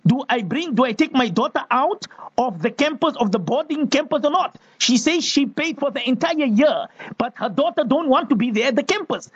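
High-voiced radio host. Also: lively intonation, moderate pace, slightly rough, highs cut off. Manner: reads listener messages aloud, emotive. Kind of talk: radio call-in talk show.

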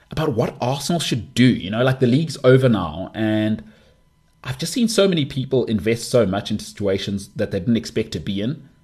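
Husky, opinionated man in his thirties. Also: medium pitch. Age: 30s. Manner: opinionated, emphatic, lively delivery. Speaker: sports podcast host. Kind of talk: casual monologue.

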